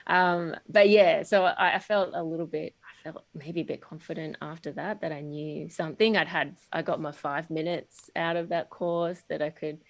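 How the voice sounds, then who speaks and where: Low-voiced chatty comedian woman. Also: steady tone, moderate pace, gravelly, hardly any pauses. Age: 30s. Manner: chatty, self-deprecating, many fillers. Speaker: stand-up comedian guest. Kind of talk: casual podcast interview.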